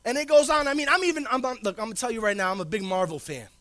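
A male pastor delivers a sermon very fast in a casual, slangy style, repeating key phrases for emphasis. He swings from loud declarations to low asides, with no room sound.

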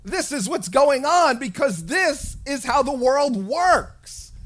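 A preacher delivering a dramatic sermon, swinging between hushed asides and loud declarations. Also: sits high, expressive, slow pace.

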